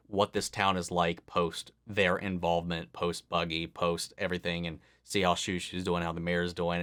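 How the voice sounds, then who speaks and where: A man with a fairly low voice talks through his reaction to an episode in a loose, rambling way. He muses aloud, restarts his sentences and wonders about what comes next. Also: fairly bright tone. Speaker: anime reaction host. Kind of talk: casual reaction commentary.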